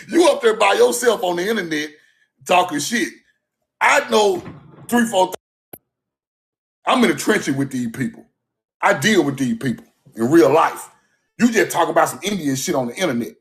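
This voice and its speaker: Fired-up man, high voice, livestream rant from home, loud and profane, "bro" every line. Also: vocal fry. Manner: loud, fired-up, repeats "bro", swears, laughs between points. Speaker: livestream host.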